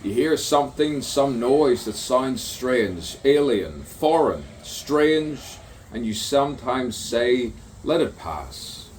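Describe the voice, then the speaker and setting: A man's voice: mid-range voice, animated, slow, few pauses, a little mellow. A man reciting his own spoken word poem in a musing, repetitive way, with sudden emphatic bursts. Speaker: poet. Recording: distant mic with faint background noise.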